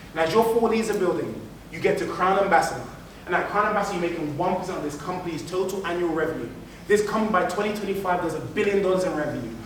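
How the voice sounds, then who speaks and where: A man giving an animated motivational business keynote, repeating phrases for emphasis. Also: high-pitched. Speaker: keynote speaker. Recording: echoey hall, mic from far off, faint noise.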